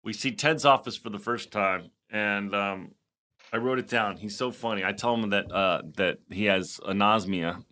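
Bright-voiced man in casual chat. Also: fairly low pitch, moderate pace. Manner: animated storyteller who acts out quoted lines. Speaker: podcast co-host.

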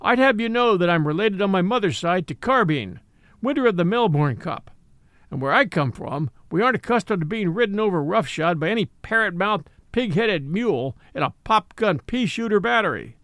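A man's voice: sits high, animated, moderate pace, fairly bright tone, no room sound, clean studio sound. A man voicing a proud, quarrelsome male troop horse in a storybook reading, haughty and indignant. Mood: bristling.

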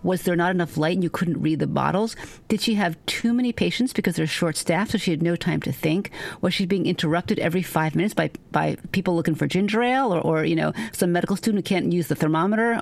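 Low, gravelly woman physician telling stories. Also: quick pace. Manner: animated, wry anecdotes with vivid quotes. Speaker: physician guest. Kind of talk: conversational storytelling.

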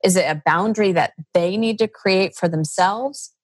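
A woman's voice: medium pitch, moderate pace, no room sound. A woman coach answering interview questions, telling stories about clients and acting out their dialogue. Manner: storytelling, acts out client dialogue.

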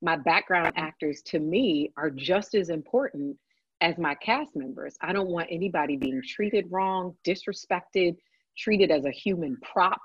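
A woman telling a lively story in casual chat, swearing freely and adding chatty asides. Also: on the low side, measured pace, slightly rough, dry recording, muffled recording. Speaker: podcast guest, works on a TV set.

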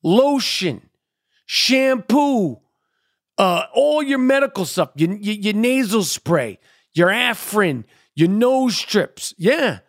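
A man's voice: high voice, very animated, slow pace. A middle-aged man, ranting in a crude, rambling comedy monologue full of repetition and swearing.

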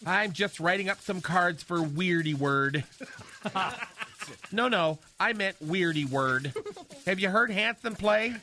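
A man's voice: high-pitched, expressive, slow, pushed and bright, slight background noise, full character voice. An actor playing a flamboyant, fussy, gossipy man in a comedy radio sketch, with a campy sing-song manner and dramatic sighs. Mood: campy gossip.

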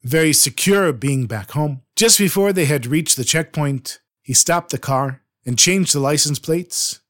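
Male storyteller, earnest and expressive, slightly high voice. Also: measured pace. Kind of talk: dramatic storytelling.

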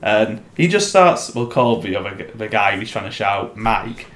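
A man co-hosting a podcast, telling stories in a casual, animated way. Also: lowish voice, moderate pace, roomy sound. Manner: animated storyteller, shouts when acting out others. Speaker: podcast co-host. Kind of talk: casual chat.

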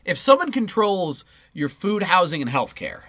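A man on a podcast reads a long political passage aloud, his voice bright and ringing with lots of pitch movement. He swears freely and slips into offhand asides between sentences. The sound is close and dry, with no room around it. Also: sing-song, moderate pace, no echo. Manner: swears freely and breaks into asides mid-reading. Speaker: podcast co-host. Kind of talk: reading a political text aloud, then casual chat.

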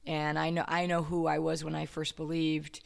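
A man in a casual faith discussion, talking reflectively and haltingly, often restarting his sentences. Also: a little high, completely flat delivery, vocal fry, smooth.

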